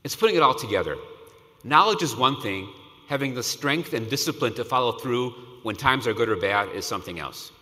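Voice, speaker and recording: A male host giving a measured, earnest introduction from a podium, his voice bright and forward. It carries a long reverb from a large hall. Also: mid-range voice, animated. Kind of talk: formal introduction.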